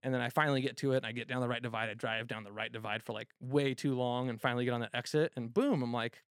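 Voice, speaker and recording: Rambling, profane man with a gravelly voice. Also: mid-range voice, fast, no echo, studio quality. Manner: rambling, profane, animated, many fillers. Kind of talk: casual storytelling on a talk show.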